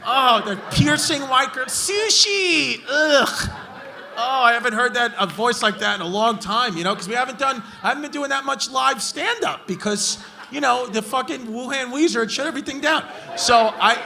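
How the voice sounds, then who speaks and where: A man working a comedy club crowd, brash and profane as he roasts hecklers. His voice sits very high for a man. A lively club audience carries under him throughout. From Brooklyn, New York. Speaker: stand-up comedian. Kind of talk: stand-up crowd work. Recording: live club audience noise. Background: laughing club audience.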